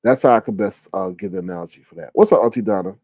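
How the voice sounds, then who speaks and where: A man hosting a casual livestream chat, talking in a teasing, animated way. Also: on the low side, quick pace, no echo. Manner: animated, teasing, Southern US Black vernacular speech. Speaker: livestream host.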